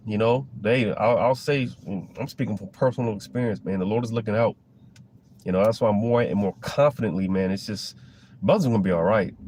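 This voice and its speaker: A man's voice: medium pitch, a little mellow, a little hiss or hum. A man giving a casual, rambling preaching monologue about scripture, full of fillers and restarts. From Florida. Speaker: religious commentator.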